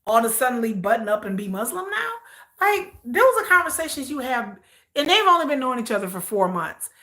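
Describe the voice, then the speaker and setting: With a fairly high, very animated voice that runs a little fast and sounds pushed and bright, a US livestream host reacts to a reality show. She rants incredulously and mocks the cast with mimicry.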